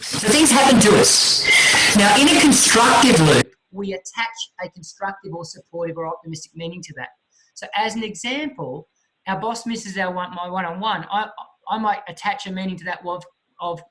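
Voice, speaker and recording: A man giving a motivational talk, telling a story in an animated way with vivid sound effects. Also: sits high, moderate pace, poor audio. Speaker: motivational speaker.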